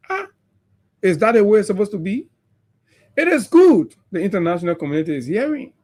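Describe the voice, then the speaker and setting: A man with a Liberian English accent, hosting a radio morning show and giving impassioned, mocking political commentary full of rhetorical questions. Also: sits high.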